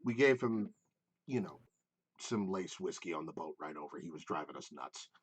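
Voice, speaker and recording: A man's voice: low-pitched, expressive, normal speed, breathy edge, pitched below the performer's own voice. A man voicing an offhand, dismissive woman. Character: dismissive adult woman traveler.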